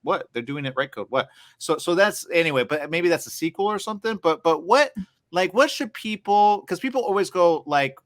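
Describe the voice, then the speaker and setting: A man hosting a live interview, rambling and excitable, acting out the conversations he has had. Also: on the high side, brisk, no room sound, clean studio sound. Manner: rambling, excitable, acts out quoted exchanges.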